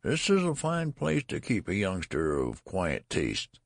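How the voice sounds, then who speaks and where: A cracked and ancient voice whines out its grievances, as a deep-voiced man puts it on. This storybook old man is querulous and weary, and his complaints climb well above the narrator's low register into a thin, shrill pitch. The sound is husky and dry. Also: huge pitch swings, unhurried, no room sound, heavily acted. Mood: shrill whining. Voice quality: cracked, whining. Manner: complaining, rising to shrill protest.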